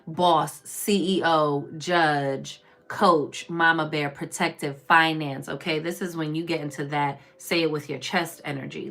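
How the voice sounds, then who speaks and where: Here a woman reads tarot live in a loose, spiritual, chatty way, sliding into preaching and addressing viewers as "y'all" and "baby." She has a creaky voice that shifts from forceful, loud bursts down to low murmuring.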